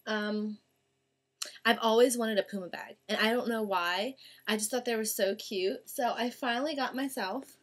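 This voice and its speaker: A young woman vlogger chatting casually through a shopping haul, gushing over her finds with drawn-out words. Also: fairly high pitch. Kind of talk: casual haul video chat.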